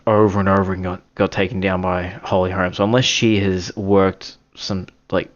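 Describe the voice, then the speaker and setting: A man's voice: on the low side, creaky, muffled recording. A man talking on his own in a casual, rambling way, often correcting himself and apologizing. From Australia. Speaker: podcast host giving fight picks. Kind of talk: casual solo commentary.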